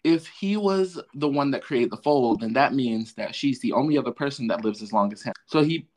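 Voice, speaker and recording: A man's voice: medium pitch, animated, a little fast, a little mellow. A man co-hosting a podcast, chatting casually about a TV show in a laid-back way. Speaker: podcast co-host. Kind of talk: casual TV recap chat.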